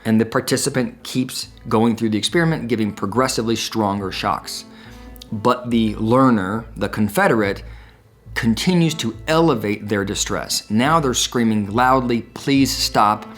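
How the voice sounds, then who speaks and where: A man's voice: on the low side, normal speed, soft background music. A man, a psychologist, explaining a classic study in an educational talk, telling it as a story. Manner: storytelling, acts out quoted dialogue.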